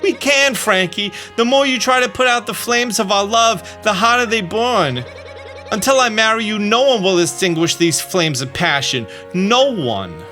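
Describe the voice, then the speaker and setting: A man's voice: high voice, expressive, normal speed, bright, forceful tone, soft background music, pitched above the performer's own voice. Figure: a man doing a melodramatic mob daughter with a put-on Staten Island accent. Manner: whiny, melodramatic. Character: lovesick young woman, dramatic mob daughter.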